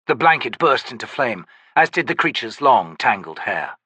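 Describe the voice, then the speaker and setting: A fantasy audiobook is narrated by a man whose mid-range voice is slightly rough. His delivery is measured and expressive, like a storyteller's, with no room sound in the recording.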